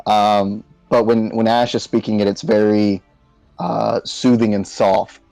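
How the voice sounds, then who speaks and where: A man playing in a tabletop game, explaining things slowly with fillers. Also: lowish voice, flat delivery, creaky, dark tone, no room sound, faint music behind, low-quality recording. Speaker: player. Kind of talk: casual tabletop game talk.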